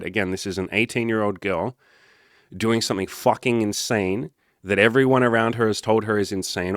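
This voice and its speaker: A man's voice: lowish voice, no echo, studio quality. A man, a life coach, telling a story in a casual monologue, blunt and emphatic with heavy swearing.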